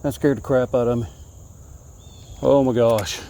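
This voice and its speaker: A man from Alabama, chatting to the camera from a kayak and talking excitedly to the fish he catches. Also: medium pitch, a little slow, a little hiss or hum. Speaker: fishing vlogger. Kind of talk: casual talk to camera while fishing. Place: kayak on a creek outdoors.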